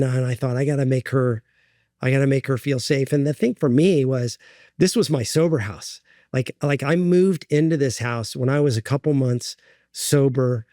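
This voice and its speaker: Earnest man telling his story haltingly. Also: mid-range voice, warm tone, no room sound, studio quality. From United States. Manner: earnest, halting, many fillers and restarts. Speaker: guest. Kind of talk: candid interview storytelling.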